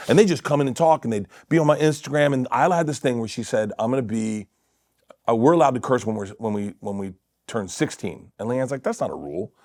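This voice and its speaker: A middle-aged man telling stories in a casual podcast chat, laughing often and dropping to quiet mutters. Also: mid-range voice, fast, no echo, clean studio sound. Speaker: comedian guest. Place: podcast studio.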